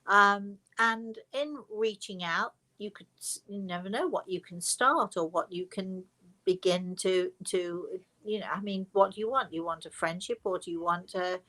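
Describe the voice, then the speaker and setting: A woman's voice: medium pitch, normal speed, pushed and bright. An older woman, hosting a live question-and-answer talk in a chatty, digressive way that trails into asides. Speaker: host, spiritual medium.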